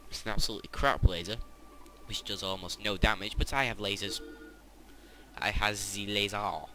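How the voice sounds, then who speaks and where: A man's voice: lowish voice, normal speed, pushed and bright, a little hiss or hum. A man doing casual, joking gameplay commentary, rambling and mocking himself as he plays. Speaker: let's play gamer.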